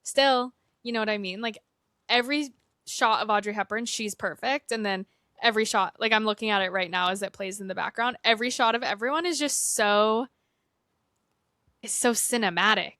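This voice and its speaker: A woman's voice: mid-range voice, normal speed, sharp tone, dry recording, clean studio sound. A young woman cohosting a podcast in casual chat, hesitant and full of fillers. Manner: hesitant, lots of "like" and trailing off.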